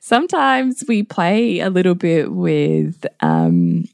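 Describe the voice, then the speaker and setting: Laughing woman with lively pitch. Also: slow, vocal fry, no room sound. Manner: laughs often while telling anecdotes. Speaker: parenting podcast co-host. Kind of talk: casual chat.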